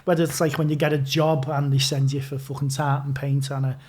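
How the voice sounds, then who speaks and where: Brisk and flat, his mid-range voice has a darkish tone and a Scouse accent. The Liverpool man appears as a podcast guest, casually telling meandering anecdotes peppered with swearing and restarts.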